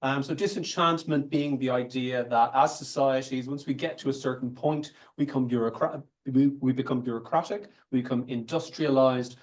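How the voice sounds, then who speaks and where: A man's voice: mid-range voice, fairly even intonation, normal speed, few pauses. Man giving a conversational academic talk. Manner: conversational, thinking aloud with restarts. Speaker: invited academic speaker. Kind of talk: academic lecture, loosely following slides.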